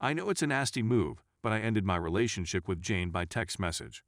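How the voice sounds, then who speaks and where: A man reading a first-person story aloud as scripted narration, at an even, steady pace. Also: lowish voice, a little fast, dry recording, clean studio sound.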